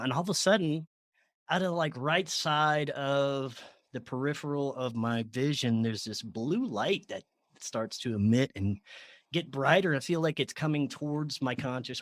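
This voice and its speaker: A man guest on a podcast, telling a personal story in a casual, animated way, laughing often and filling with "like". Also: mid-range voice, moderate pace, dry recording.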